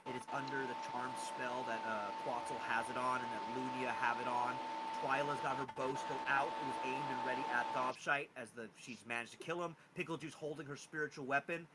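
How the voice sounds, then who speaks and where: A man narrating as game master of a tabletop game, animated and lively with frequent rising emphasis. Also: a little fast, few pauses, heavy background noise. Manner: animated, pitch jumping on key words.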